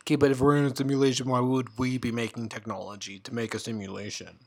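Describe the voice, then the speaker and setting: A young woman co-hosting a casual chat, skeptical and argumentative, quick to laugh. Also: a bass voice, little pitch movement. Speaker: podcast co-host.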